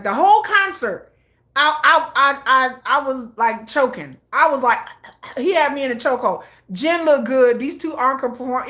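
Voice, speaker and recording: A middle-aged woman hosting a casual K-pop news chat, chatty and excitable, often slipping into quick acted quotes. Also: fairly high pitch.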